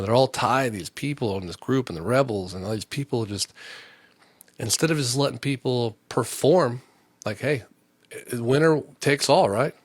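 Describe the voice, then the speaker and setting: A man's voice: medium pitch, no room sound. A man hosting a comedy podcast, telling a long story in a heated, indignant, rambling way with many restarts. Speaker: podcast host. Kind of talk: casual storytelling rant.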